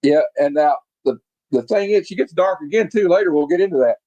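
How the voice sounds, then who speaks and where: A man's voice: fairly high pitch, animated, brisk, dark tone, dry recording, muffled recording. A man co-hosting a comic review show, casually recapping the story with lots of fillers and quoted lines. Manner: rambling, with many fillers and restarts, quotes the characters. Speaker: comic review podcast co-host.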